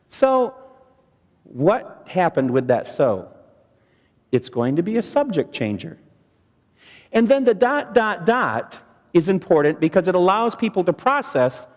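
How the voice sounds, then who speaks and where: A man presenting a training seminar, quizzing the audience and using dramatic pauses. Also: high-pitched, sing-song. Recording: long hall reverb.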